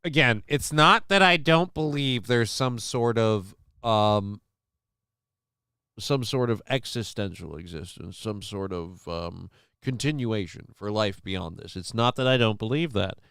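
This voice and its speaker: A man's voice: on the low side, a little slow, a bit bright, clear, resonant tone, dry recording, studio quality. A man hosting a late-night livestream, chatting casually and cracking crude jokes over clips. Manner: crude joking, acts out voices. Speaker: show host.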